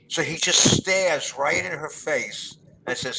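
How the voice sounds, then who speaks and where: Man, bright forceful tone, slightly high, panelist retelling a comedy sketch. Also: moderate pace, creaky, few pauses, a little hiss or hum, low-quality recording. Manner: retells a comedy bit, acting out the lines. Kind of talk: anecdotal webinar discussion.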